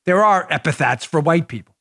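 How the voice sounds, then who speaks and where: A man hosting a political talk show, delivering animated, mocking commentary with big swings in his voice. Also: on the high side, a little fast, dry recording, studio quality. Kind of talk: opinionated commentary.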